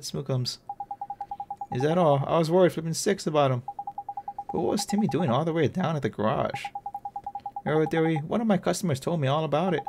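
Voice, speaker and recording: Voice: mid-range voice, background noise, natural voice. A player doing a fussy, doting old lady. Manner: fond, fussing. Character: fussy kindly older woman, doting cat owner.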